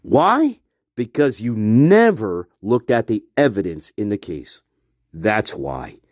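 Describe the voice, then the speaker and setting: A man's voice: on the low side, big pitch swings, slow, darkish tone, no echo. A man giving a profane, repetitive, accusatory rant as a true-crime commentator, recorded on a dull lo-fi track. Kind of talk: angry solo rant to camera.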